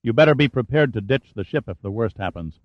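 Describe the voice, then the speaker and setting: A man voicing a tense male helicopter pilot in a low, grave, insistent tone, in a dull, dry audiobook recording. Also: lively intonation, fast, dry recording, close to an everyday voice.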